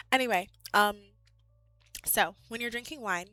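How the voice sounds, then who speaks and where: A young woman in her twenties chatting casually with her live chat as a streamer, animated and full of "like"s and laughs, a bit out of breath. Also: a little high, slow pace, no echo, clean studio sound.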